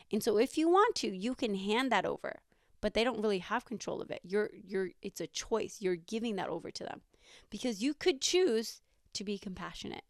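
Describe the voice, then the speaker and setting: A woman's voice: mid-range voice, dry recording, clean studio sound. A woman in her thirties hosting a podcast, talking casually with lots of fillers and rhetorical questions. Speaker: podcast host.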